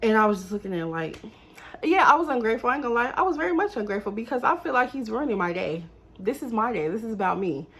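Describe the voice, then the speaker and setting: A young woman telling a story to her viewers in a casual, animated, exasperated way. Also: on the high side, quick pace, breathy edge.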